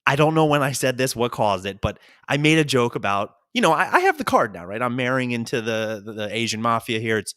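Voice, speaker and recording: A man with a New York accent hosting a solo comedy podcast, telling rambling, self-mocking travel stories with quick voiced asides. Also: medium pitch, a bit bright, no echo, studio quality. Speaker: podcast host.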